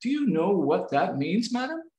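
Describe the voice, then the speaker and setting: A man's voice: high-pitched, big pitch swings, normal speed, mellow, pitched above the performer's own voice. A man reading aloud voices an outspoken young woman who speaks up with rising indignation. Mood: indignant. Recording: roomy video-call audio.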